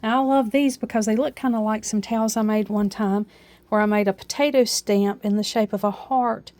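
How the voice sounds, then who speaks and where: Fairly quick and a little mellow, this woman's mid-range voice stays steady as she walks through her decorations in a casual kitchen vlog. Her Appalachian accent comes with a homey, talkative manner and lots of "uh" fillers.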